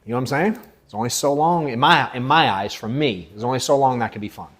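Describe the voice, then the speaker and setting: A blunt, profane man in his thirties leads a live sales coaching session. He hammers his points hard, then drops to a low, muttered register. His voice sits at an ordinary middle pitch. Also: quick pace. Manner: blunt, profane, swings from emphatic to low and quiet.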